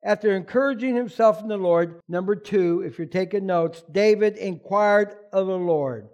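A man preaching a sermon as pastor, animated, often asking the congregation questions. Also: high voice, normal speed, dull audio.

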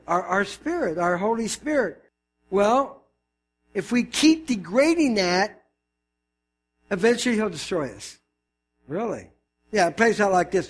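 A male pastor delivers an animated sermon in a notably high voice. He swings from quiet asides to fervent peaks and acts out the people he describes.

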